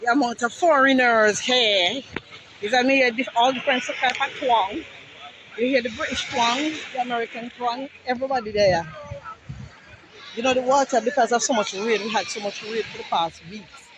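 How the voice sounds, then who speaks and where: A woman's voice: a little high, normal speed. A woman with a Jamaican accent vlogging casually at a busy beach, chatting to her viewers through a phone camera. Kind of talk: casual vlog chat. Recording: outdoor beach noise behind.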